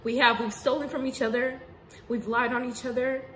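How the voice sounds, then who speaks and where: A woman giving an unscripted spiritual monologue to her viewers, casual and profane, swinging between emphatic outbursts and hushed asides. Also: fairly high pitch, level tone, moderate pace. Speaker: spiritual vlogger. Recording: roomy echo with faint background noise.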